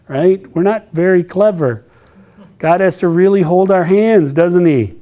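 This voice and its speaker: A man preaching a sermon, animated and playful, acting out quotes with humor. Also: high voice, normal speed. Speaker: pastor.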